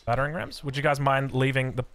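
An Australian man commentating his own strategy game as he plays, excitable and foul-mouthed, jumping from yelling at his units to muttering about his mistakes. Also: mid-range voice, fast, a little hiss or hum. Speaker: gameplay streamer. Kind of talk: live gameplay commentary.

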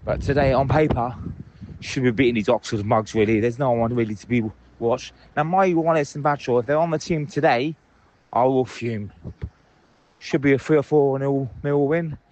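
A man's voice: mid-range voice, normal speed, darkish tone, slight background noise. A man leaving angry voicemails, ranting and swearing passionately from a busy station. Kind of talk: phoned-in voicemail rant. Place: out in public, at a train station.

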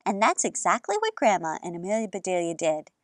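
Animated woman reading a kids' book. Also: lowish voice, a little fast, no echo, clean studio sound. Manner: animated, expressive read-aloud. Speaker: children's storyteller. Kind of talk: reading a picture book aloud to kids. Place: outdoors in an apple orchard.

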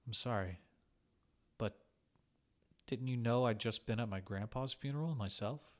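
A man's voice: medium pitch, a little slow, close to an everyday voice. A man voicing a brusque, troublesome young male chef who speaks in a curt, needling way.

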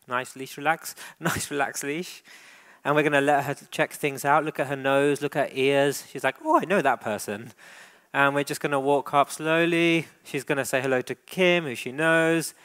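A man's voice: medium pitch, steady tone, moderate pace, fairly bright tone, clean tone. A man who works as a dog trainer, leading a live training demonstration and coaching handlers with frequent praise.

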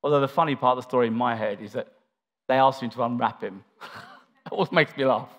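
A man preaching a church sermon, dramatic, shifting between loud declarations and hushed asides as he acts out scripture. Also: medium pitch, fairly quick.

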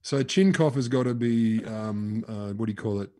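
A man from Australia co-hosting a casual podcast, guessing at old disease names with deadpan jokes and silly asides. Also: on the low side, moderate pace. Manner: jokey, deadpan wisecracks. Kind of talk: casual comedic chat.

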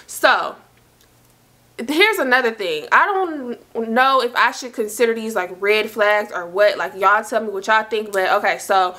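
Bright-voiced fast-chatting young woman. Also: fairly high pitch, expressive. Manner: chatty, slangy, talks fast and loops back with asides. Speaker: storytime vlogger. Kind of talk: casual storytelling to camera.

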